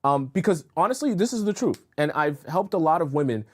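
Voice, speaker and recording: A man's voice: on the high side, expressive, brisk. Chatty man giving frank dating advice. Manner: chatty, reads and answers viewer comments aloud; frank, repeats phrases and fills with "uh" and "right?". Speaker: dating coach. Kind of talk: casual live-stream advice talk.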